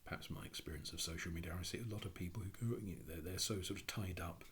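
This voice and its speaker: A man giving a reflective spoken talk on psychology, thinking aloud in a halting way with frequent restarts. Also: low-pitched, a bit bright, a little hiss or hum. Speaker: speaker on Jungian psychology.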